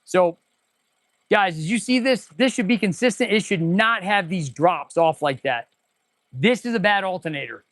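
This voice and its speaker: A man who runs an auto repair shop, chatting casually and excitedly on a livestream while he tests parts, rambling to viewers as he works. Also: sits high, normal speed, no echo. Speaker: auto mechanic and shop owner hosting a livestream. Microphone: clip-on mic.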